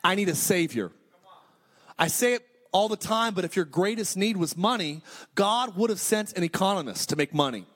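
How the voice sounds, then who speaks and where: A man preaching a sermon in a notably high voice. He drives his points home emphatically, circling back and restarting phrases as he builds. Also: lively intonation, normal speed, fairly bright tone. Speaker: pastor.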